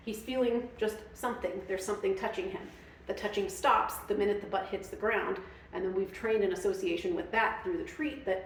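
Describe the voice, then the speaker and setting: A woman's voice: medium pitch, fairly even intonation, brisk, recorded from a distance, slight background noise. A woman dog trainer explaining her methods in a casual, chatty way, with many fillers. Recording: very echoey room, off-mic.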